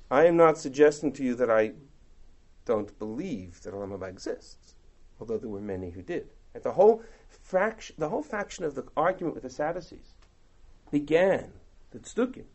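Animated man teaching a text class. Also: fairly high pitch, husky. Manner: animated, rhetorical questions, recites and translates Hebrew verses. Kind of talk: text study lecture.

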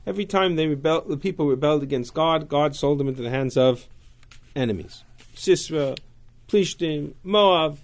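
A man teaching a text-study class, reading Hebrew verses aloud and paraphrasing them in an animated way. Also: medium pitch. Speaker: Torah teacher.

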